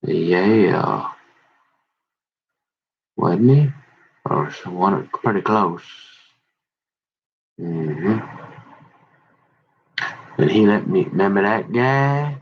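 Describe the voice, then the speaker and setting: A middle-aged man with a husky, somewhat low voice rambles through memories from his school days, acting out the people he quotes. The recording sounds dull and lo-fi. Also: drawn-out words, long pauses. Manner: rambling, quoting others in animated voices. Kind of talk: casual storytelling about high school memories.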